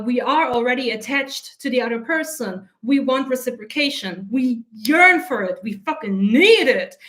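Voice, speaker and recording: A woman coach talking in a blunt, animated, heavily profane way, her eyes teary from an allergy. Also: high-pitched. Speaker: self-concept coach. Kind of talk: casual spoken monologue.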